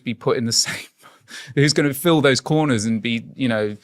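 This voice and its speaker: A man's voice: mid-range voice, moderate pace, dry recording. Earnest man investigator talking. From England. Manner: earnest, probing. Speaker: guest investigator. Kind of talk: conversational interview.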